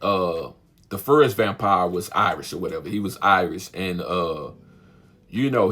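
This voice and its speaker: Husky-voiced male reviewer, relaxed and chatty, laughs a lot; low music in the background. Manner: chatty and animated, laughs often, keeps asking "you know what I'm saying". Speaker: movie reviewer, channel host. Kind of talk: casual spoken movie review.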